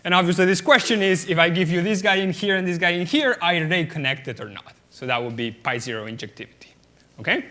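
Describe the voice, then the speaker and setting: Man, math lecturer, fairly high, bright forceful voice, lots of uh and okay. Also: expressive, quick pace. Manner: explanatory, often checks the audience with "okay?"; many "uh" and "um" fillers and restarts. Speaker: mathematics lecturer. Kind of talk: conference lecture at a board.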